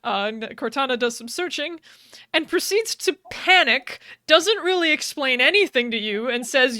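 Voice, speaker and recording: A young woman with a slightly high, bright voice recaps a story at an unhurried pace. She rambles, giggles and restarts her sentences, and the sound is close and dry. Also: lively intonation, no echo. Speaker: podcast co-host. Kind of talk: casual chat, retelling a game's plot. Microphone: podcast microphone.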